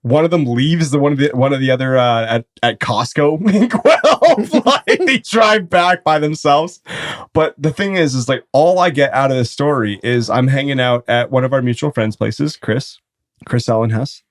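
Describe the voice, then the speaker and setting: A man's voice: medium pitch, moderate pace. A man, host of a casual podcast, telling a rambling, profane story. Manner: rambling, profane storytelling, often breaking into laughter.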